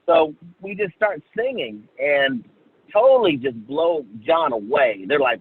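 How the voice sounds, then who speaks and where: A man from Oklahoma, a singer guest, telling a story in a halting casual way with many fillers and restarts, on a tinny phone-like line. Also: on the high side, expressive, slightly rough. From Oklahoma, USA.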